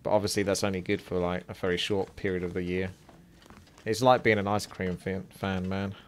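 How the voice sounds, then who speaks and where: A man's voice: sits low, flat delivery, brisk, a little hiss or hum. A man streaming a game live, chatting casually with rambling asides and a slight sore throat. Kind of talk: live gameplay commentary.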